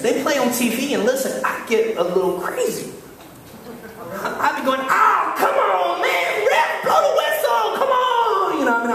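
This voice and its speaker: A man preaching a sermon, animated storytelling with repeated calls to listen. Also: high voice, noisy background. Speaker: pastor. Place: church sanctuary. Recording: echoey church hall, mic far off.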